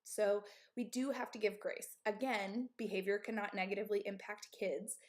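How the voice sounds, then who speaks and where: This is a woman in her thirties who runs a gym, speaking candidly to other owners on a live stream. She talks emphatically and checks in with her listeners often. Her voice sits at an ordinary middle pitch for a woman. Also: fairly even intonation, moderate pace. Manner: candid, emphatic, asks "okay?" and "right?" often. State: out of breath. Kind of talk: live-stream advice talk.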